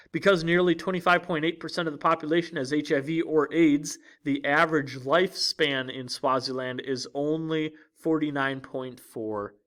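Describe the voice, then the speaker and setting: A man teaching a recorded geography lesson in a clear, lively teacher's voice, with fillers like uh and um. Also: a little high.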